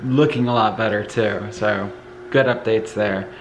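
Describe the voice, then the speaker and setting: Against a noisy background, a man with a voice on the low side talks a little slowly in a Northeastern US accent. He rambles through a casual vlog as he moves between rooms at home, tired, relaxed and heavy on fillers. Congested lungs bring on an occasional cough.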